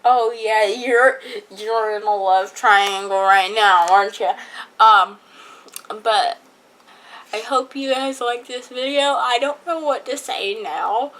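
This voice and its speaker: A woman's voice: a little high, slow, a bit bright, rough recording. A teenage girl telling a personal story to her viewers in a chatty, rambling way. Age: teens. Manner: chatty, rambling, many fillers. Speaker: vlogger. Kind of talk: casual story time.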